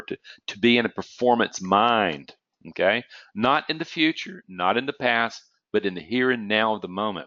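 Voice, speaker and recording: A man's voice: fairly low pitch, moderate pace, pushed and bright, no echo, muffled recording. A man giving an online lecture on trading psychology, telling stories conversationally and often checking in with "okay?", with an occasional cough. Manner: conversational, storytelling with frequent "okay?" check-ins.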